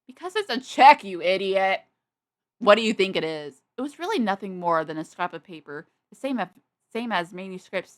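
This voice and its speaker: A woman playing through a visual novel, reading its text aloud and loudly scolding the characters in exasperation. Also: lowish voice. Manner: animated, yelling in exasperation at characters. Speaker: game streamer.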